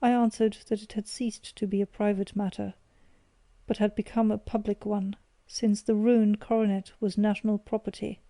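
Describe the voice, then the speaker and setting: In a recording free of room sound, a medium-pitched woman reads an audiobook aloud, expressive yet measured in her delivery.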